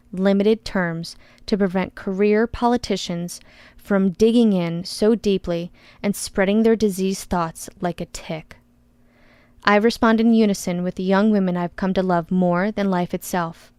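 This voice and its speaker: Smooth, wry woman narrating an audiobook. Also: mid-range voice, darkish tone, no room sound. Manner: wry, sarcastic. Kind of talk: first-person audiobook narration.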